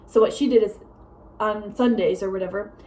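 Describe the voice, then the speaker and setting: A young woman vlogging casually at home, a self-described fast talker who rambles with many fillers. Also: mid-range voice, fairly even intonation, dark tone, slight background noise, poor audio. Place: home with a meowing cat.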